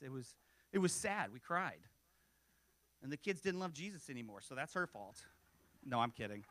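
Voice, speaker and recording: A man's voice: high-pitched, lively intonation, moderate pace, bright, forceful tone, no room sound. A man in his forties preaching a sermon in a conversational way, with joking asides and self-deprecating humor. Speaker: pastor.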